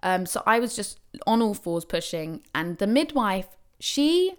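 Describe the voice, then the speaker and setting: A young woman tells a personal story in a relaxed, chatty way. Her voice is animated, leaping up high when she acts out what others said. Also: a little slow, smooth. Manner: animated, acts out quotes with big pitch swings. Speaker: new mother telling her birth story. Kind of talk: casual spoken storytelling.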